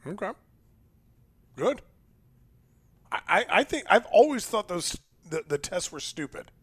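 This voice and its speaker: A middle-aged male radio co-host talking in a casual, opinionated way, often tripping over and repeating words. His voice sits a little high and swings up and down a lot. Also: sing-song, unhurried, breathy edge. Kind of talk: casual morning radio banter.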